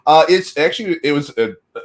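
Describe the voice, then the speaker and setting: A man's voice: on the high side, expressive, fast. A middle-aged man in casual chat as a guest, talking loosely with many fillers and frequent laughs.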